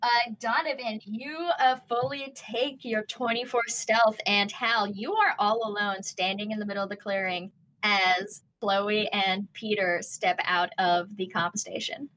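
A woman narrating a tabletop role-playing game as game master, describing scenes at a relaxed pace with frequent fillers. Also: medium pitch, a little slow, a little hiss or hum, poor audio.

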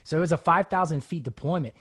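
A man's voice: on the high side, fast, slightly rough. A man who hosts a casual chat and tells military training stories with laughs and acted-out quotes. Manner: animated, laughs often, acts out quotes. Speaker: podcast host, former Navy special operator.

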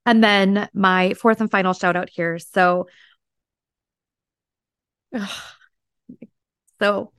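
A woman's voice: medium pitch, steady tone, very slow, long pauses, a bit bright, clear, resonant tone, dry recording, studio quality. Gushing middle-aged woman podcast host. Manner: gushing, earnest, repeats thanks. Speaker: podcast host, business psychic. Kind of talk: heartfelt solo podcast talk.

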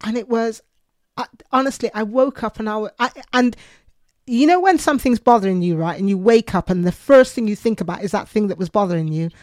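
A woman's voice: medium pitch, fairly quick, a little mellow, no echo, clean studio sound. A woman co-hosting a Christian podcast, earnestly telling personal stories and quoting her own prayers. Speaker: podcast co-host.

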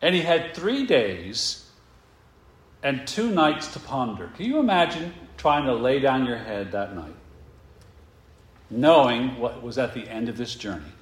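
Male preacher with a lively rising and falling voice, unhurried, echoing sanctuary, asks the room questions. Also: medium pitch. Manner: rhetorical questions, emphatic, slows down for stress. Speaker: pastor. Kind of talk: sermon.

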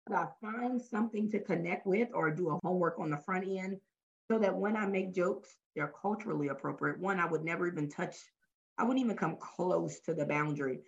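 A woman's voice: fairly low pitch, brisk, vocal fry, muffled recording. A woman from Louisiana with a Southern US accent, telling stories in a casual interview as a workshop facilitator. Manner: lively storyteller, acts out her workshop lines. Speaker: guest, talent development facilitator.

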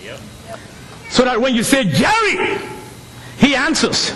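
Animated high-voiced male preacher. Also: normal speed. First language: not English. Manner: animated storytelling, rising to shouts. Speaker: pastor. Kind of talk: sermon.

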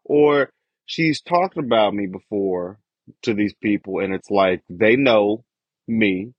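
A young man with a husky voice vents on a podcast, swearing freely and circling back on his complaints in a loose, frustrated monologue. His voice sits at an ordinary pitch. The recording is dull and dry, with a lo-fi quality. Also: slow, no room sound. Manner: frustrated profane ranting about family. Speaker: podcast host.

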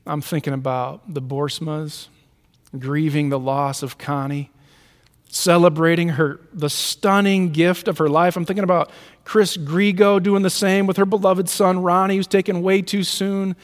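Guy pastor preaching, kinda high voice, long hall echo, goes real soft and hushed on the tender bits. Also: steady tone, unhurried. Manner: earnest, dropping to soft near-whispers for tender lines. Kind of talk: sermon.

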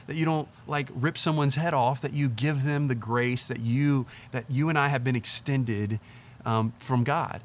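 A young man preaching in a relaxed, conversational way, animated and chatty as if talking with friends. His voice sits at an ordinary middle pitch. Faint crickets and insects chirp quietly behind him. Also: slight background noise. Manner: animated, chatty, says "like" and "literally" often. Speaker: pastor. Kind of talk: casual conversational sermon.

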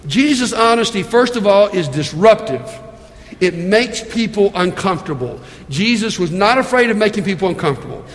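A male pastor preaching with lively storytelling, acting out the people of the story. His voice sits high for a man. It rings with a long reverb through a large hall. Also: moderate pace. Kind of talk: sermon.

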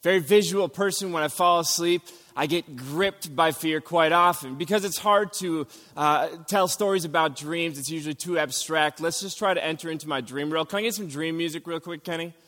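Animated male preacher in a reverberant hall. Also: on the high side, normal speed. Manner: animated storytelling, acting out scenes with sudden loud outbursts. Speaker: pastor. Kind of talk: sermon.

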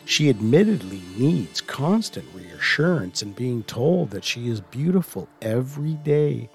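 A man's voice: medium pitch, very animated, measured pace, soft background music, pitched above the performer's own voice. A man voicing a vain, decaying female succubus demon who taunts her victim.

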